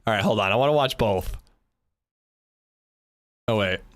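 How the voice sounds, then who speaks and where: A man streaming a game live, chatting casually with viewers, swearing freely and breaking into loud laughs. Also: on the low side, measured pace. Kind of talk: casual livestream chat while gaming.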